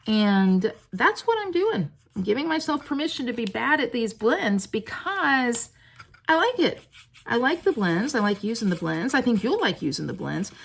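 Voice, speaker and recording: A woman's voice: a little high, very animated, moderate pace, vocal fry, hardly any pauses. A woman hosting a casual stamping tutorial, chatting to viewers in a self-deprecating way while she colors. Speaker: crafting video host.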